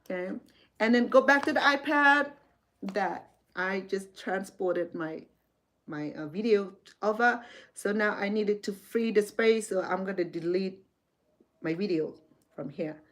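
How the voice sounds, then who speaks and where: Woman livestream host at home, casual walkthrough, mid-pitched, loose and chatty with frequent restarts. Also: unhurried, a bit bright.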